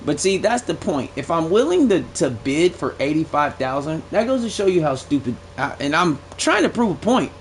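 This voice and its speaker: A man's voice: on the high side, very animated, normal speed, few pauses, slight background noise. A young man streaming a game live, giving blunt, profane play-by-play commentary that swings into aggravation. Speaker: gaming streamer.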